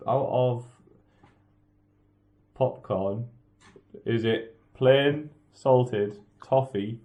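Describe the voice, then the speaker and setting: A man's voice: mid-range voice, very slow, dark tone, dull audio. Easygoing man hosting a film podcast. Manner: easygoing, leads the rating round. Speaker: podcast host. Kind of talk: casual film review chat.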